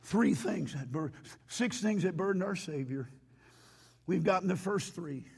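A male pastor preaching a sermon in a church with impassioned, rising delivery, hoarse from losing his voice. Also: high voice, expressive, unhurried.

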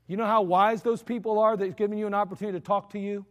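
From the pulpit, a high-voiced male pastor delivers a blunt, scolding sermon in a steady tone at a brisk pace. His voice rings out through a church hall with long reverb.

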